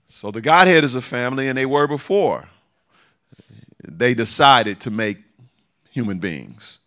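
A man's voice: lowish voice, sharp tone. A man preaching a sermon, repeating phrases for emphasis and chuckling often.

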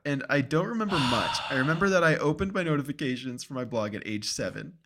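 A young man co-hosting a podcast in casual chat, rambling through stories with deadpan jokes. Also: mid-range voice, quick pace, noisy background. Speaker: podcast co-host.

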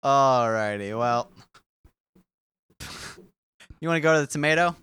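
A man co-hosting a comedy podcast in casual chat, animated and quick to laugh. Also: medium pitch, clean tone, no echo. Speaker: podcast co-host.

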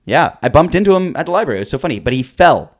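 A man co-hosting a comedy podcast. His mid-pitched voice swings widely in pitch as he plays with words and echoes his partner's jokes. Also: very animated, racing. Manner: playful, wordplay, echoing his partner. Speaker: podcast co-host. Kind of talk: comedic banter.

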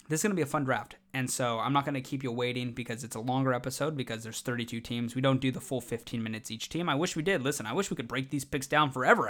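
Guy hosting a sports podcast, jokey and rambly, keeps restarting, fired up. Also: mid-range voice. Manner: energetic, joking, rambling with restarts. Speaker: podcast host. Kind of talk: casual sports podcast chat.

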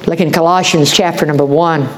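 A man's voice: a little high, fairly even intonation, brisk, crowd noise, poor audio. A man preaching a sermon as pastor, impassioned, folksy and repetitive.

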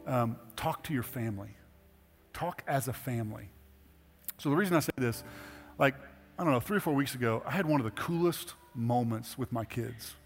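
Earnest middle-aged pastor in a reverberant hall. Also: male voice, mid-range voice, normal speed. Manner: conversational and earnest, rising to emphatic exhortation. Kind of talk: sermon. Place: church sanctuary. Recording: hall reverb with faint music.

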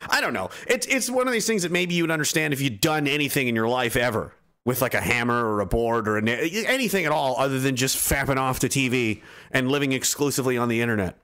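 A man in his thirties talks casually to his livestream chat, sarcastic and ranting as he mocks the people commenting. His voice sits at an ordinary pitch but swings widely up and down as he goes. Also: animated, fast, a bit bright. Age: 30s. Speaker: livestream host reading chat.

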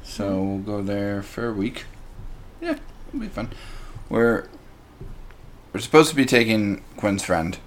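A man's voice: on the low side, big pitch swings, takes it slowly. A man co-hosting a casual podcast chat, talking in an easygoing way and trailing off with fillers. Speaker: podcast co-host, father.

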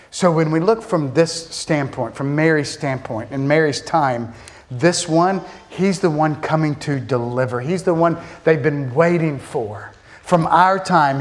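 A man preaching a sermon to his congregation, asking rhetorical questions, voicing their doubts, and slowing to drop soft on key words. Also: fairly high pitch. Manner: slows and drops soft on key words for emphasis. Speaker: pastor.

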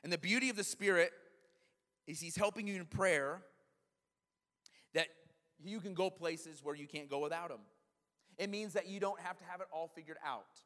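A pastor in his thirties preaches to his congregation in a loose, conversational way, animated when he tells a story. His voice sits a little high for a man and sounds bright and pressed. It rings with a long reverb through a church sanctuary. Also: moderate pace, long pauses. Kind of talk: sermon.

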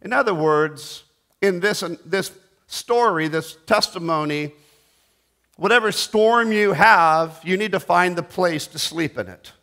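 Slow, dramatic preacher with a higher voice. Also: male voice. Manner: dramatic, swinging between loud bursts and hushed asides. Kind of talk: sermon.

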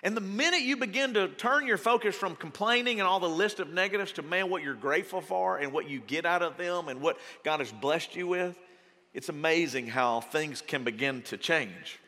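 A man preaching a folksy, joking sermon to his congregation in a large church hall, acting out quoted voices with big jumps in pitch. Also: normal speed, bright, forceful tone. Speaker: pastor. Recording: long hall reverb.

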